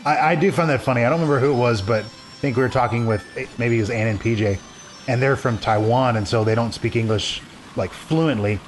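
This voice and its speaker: Man, casual gameplay chat, rambling, mid-pitched voice, faint music behind. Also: fairly quick. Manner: rambling, restarts, reads game text aloud. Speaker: let's play co-host.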